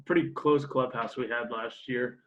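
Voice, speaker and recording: A man hosts a relaxed interview, feeling his way through each question with frequent "uh"s. His voice is mid-pitched, and the recording sounds a little dull and lo-fi. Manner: loose, halting questions with many "uh"s. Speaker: interviewer, team staff host.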